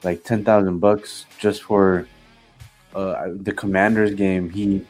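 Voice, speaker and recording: A man co-hosting a sports podcast, chatting in a relaxed way with fillers and agreement. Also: low-pitched, takes it slowly, faint music behind. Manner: laid-back, agreeing, with fillers. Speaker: podcast co-host. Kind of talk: casual sports chat.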